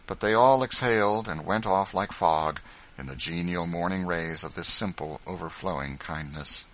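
Deep bright-toned guy reading an audiobook, steady and measured. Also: poor audio. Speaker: audiobook narrator. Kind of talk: scripted narration.

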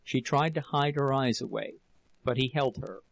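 A man narrating a classic novel as an audiobook, in a measured, deliberate reading. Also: medium pitch, gravelly, no room sound, poor audio.

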